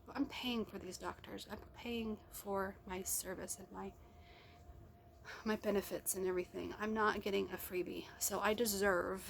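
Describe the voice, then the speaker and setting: A middle-aged woman vlogger rambles casually, talking to herself and restarting her sentences, either in a car or at home. Her voice is medium-pitched and gravelly, with slight background noise.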